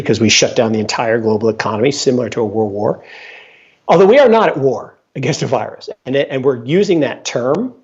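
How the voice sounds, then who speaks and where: A man speaking as a guest in an interview, giving animated market commentary. He is emphatic, says his key points twice and acts out what other people say. His voice has a mid pitch and comes through a dull, lo-fi video call line. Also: breathy edge. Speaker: investment fund founder, guest. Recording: dull lo-fi sound.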